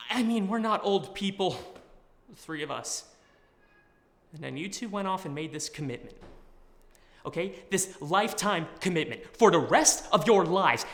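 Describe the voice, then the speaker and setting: A man's voice: sits high, sharp tone, voice pushed up, full character voice. A man performing an audition monologue as a young man earnestly pleading with a close friend. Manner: earnest, urgent, confessional. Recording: echoey hall.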